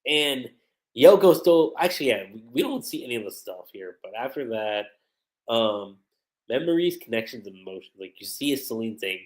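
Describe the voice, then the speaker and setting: A man giving casual livestream commentary on an anime episode, excitable, acting out the characters' lines. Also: mid-range voice, moderate pace. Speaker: anime reviewer.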